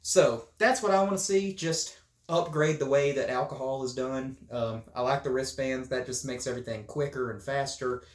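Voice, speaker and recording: A man's voice: medium pitch, moderate pace, reverberant. A man hosting a podcast, chatting casually in a joking, rambling way. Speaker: podcast host. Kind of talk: casual chat.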